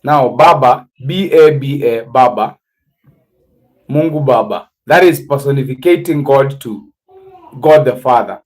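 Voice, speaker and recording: A man with an East African accent hosting a casual livestream, teaching words slowly and spelling them out letter by letter. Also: mid-range voice, poor audio. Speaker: livestream host.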